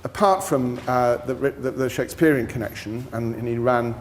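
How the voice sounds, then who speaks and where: An older man lecturing in a hall, his voice at an ordinary middle pitch. He tells anecdotes at length, stumbling through fillers and restarts. A faint hiss of noise sits behind him. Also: moderate pace. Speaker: guest lecturer, film producer. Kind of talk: university lecture.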